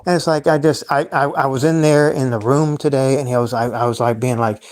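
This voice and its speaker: A man's voice: mid-range voice, steady tone, brisk, a little mellow. A young man hosting a casual livestream, rambling on, swearing often, sighing and trailing off mid-thought. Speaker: livestream host.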